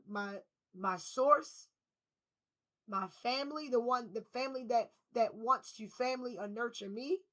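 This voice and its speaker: Bright-voiced woman giving a spiritual reading. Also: fairly high pitch, rough recording. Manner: emphatic, repetitive, casual slang and swearing. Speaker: tarot reader.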